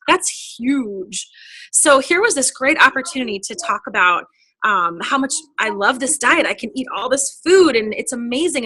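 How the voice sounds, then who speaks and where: Woman, 30s, upbeat trainer, bright and slightly high voice, dry close sound. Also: slightly rough, no echo. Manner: chatty and upbeat, acts out quoted dialogue. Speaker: direct sales team trainer. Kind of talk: casual motivational training talk.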